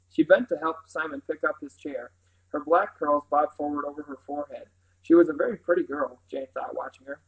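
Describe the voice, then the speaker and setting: Brief: male audiobook reader, steady narration, a bit high-pitched. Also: a little fast, gravelly, low-quality recording. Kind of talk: audiobook reading of a novel.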